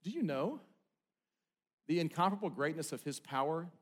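A middle-aged male pastor preaches a sermon, starting with a personal story and then swinging between loud, excited passages and hushed, quiet ones. His voice is on the high side at a moderate pace.

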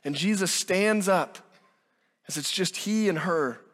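High-voiced man preaching in a hall. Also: a little slow, a bit bright. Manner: emphatic preaching, acting out quoted dialogue. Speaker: pastor. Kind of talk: sermon.

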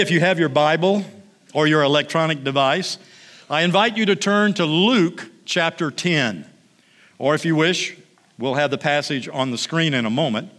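A male pastor giving a sermon, lively when he tells stories and hushed and slow when he prays. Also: a little high.

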